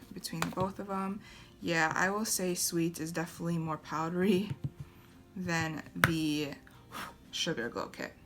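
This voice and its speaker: A young woman with a slightly low voice talks through a casual makeup review. She is chatty and hesitant, often restarting her sentences and filling pauses with "um." Faint music plays behind her. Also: a bit bright. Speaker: beauty vlogger.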